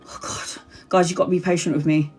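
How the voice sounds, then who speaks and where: A woman's voice: fairly low pitch, steady tone, rapid-fire, music in the background. A woman giving a live-stream tarot reading, chatty and blunt, swearing freely and calling viewers honey and sweetheart. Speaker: tarot reader.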